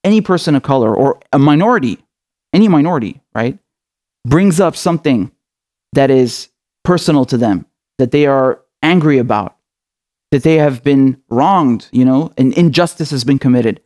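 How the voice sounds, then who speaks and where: A man's voice: mid-range voice, lively intonation, normal speed, darkish tone. A man hosting a political commentary show, delivering an impassioned, outraged rant full of swearing.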